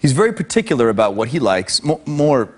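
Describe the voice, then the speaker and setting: A man who speaks with an impediment that turns L and R into W, telling a halting, amused story about his son on a talk show. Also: mid-range voice, big pitch swings, a little mellow. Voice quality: speech impediment turning L and R into W. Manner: halting, repeats words, amused. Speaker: celebrity guest, father.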